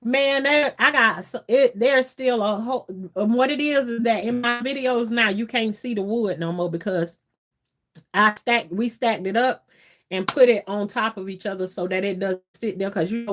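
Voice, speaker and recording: A woman's voice: mid-range voice, fairly bright tone. A woman from Florida with a Southern US accent, hosting a casual livestream, chatting loosely and laughing often. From Florida, USA. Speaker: livestream host. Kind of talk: casual livestream chat, reading viewer comments.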